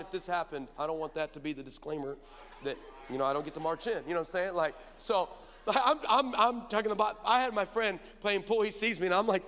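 A young man preaching a sermon, telling stories in an animated way and often checking in with the crowd. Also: sits high. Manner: animated storytelling with asides to the crowd. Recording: long hall reverb.

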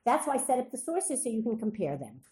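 A woman's voice: on the high side, sing-song, quick pace, a little mellow, slight background noise. A woman teaching a Torah class, reading Hebrew verses aloud and quizzing her students with questions she then answers. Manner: reads Hebrew verses aloud between explanations.

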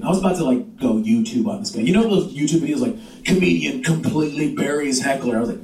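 A Mexican American man doing stand-up as host at a pub, loud and crowd-working, swearing and laughing often. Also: fairly high pitch, expressive, normal speed. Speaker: stand-up comedian hosting. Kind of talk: stand-up comedy. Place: pub stage with live crowd. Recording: roomy pub, mic heard from a distance, crowd noise.

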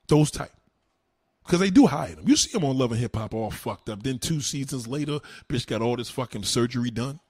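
A man ranting to a live chat as a streamer, loud, heated and profane. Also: mid-range voice, breathy edge, no echo. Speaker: online streamer.

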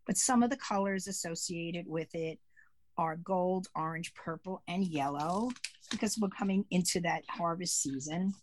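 A woman co-hosting a podcast in casual chat, explaining pagan holidays at a relaxed pace with many fillers. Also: lowish voice, moderate pace, a little hiss or hum. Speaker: podcast co-host.

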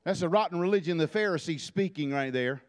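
High-voiced fervent preacher man. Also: expressive, brisk. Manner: fervent, repetitive preaching with stammered restarts. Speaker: guest preacher. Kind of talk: sermon. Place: church sanctuary.

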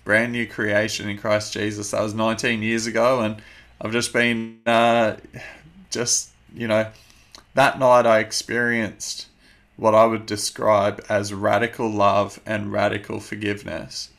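A man in his thirties, a guest telling his personal testimony in an earnest, measured way with many fillers. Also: lowish voice, monotone, fairly bright tone.

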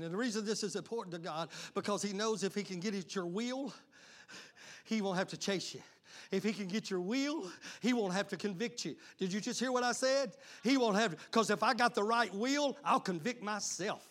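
Male preacher, high and bright, fiery sermon delivery with loud shouts and quiet asides. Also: moderate pace. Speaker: pastor.

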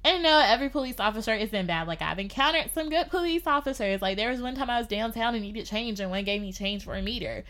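Woman, podcast guest, casual chat, animated storytelling, bright voice. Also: on the high side, quick pace, hardly any pauses. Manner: animated, lots of "like".

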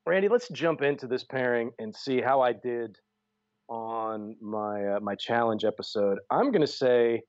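A man hosting a casual podcast chat about a pairing, easygoing and quick to laugh. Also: mid-range voice, no room sound, lo-fi sound. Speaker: podcast host.

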